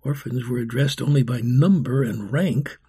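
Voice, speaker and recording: A man narrating a storybook in a grave, steady telling. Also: medium pitch, moderate pace, husky.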